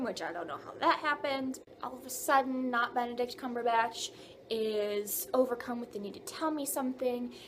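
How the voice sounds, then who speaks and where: Young woman, fairly high voice, casual vlogger, rambling dream story, filler-heavy, faint background hiss.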